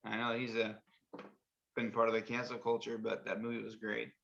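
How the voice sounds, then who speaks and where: A man's voice: lowish voice, completely flat delivery, moderate pace, gravelly, fairly bright tone, muffled recording. A man co-hosting a casual chat over a video call. He reads out movie quotes and rambles, often trailing off mid-sentence. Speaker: co-host.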